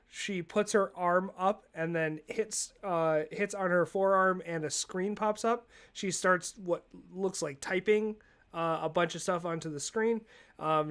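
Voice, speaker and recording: A man runs a tabletop game, narrating scenes in a relaxed way with many fillers. His voice sits high and sounds smooth and clean. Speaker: game master.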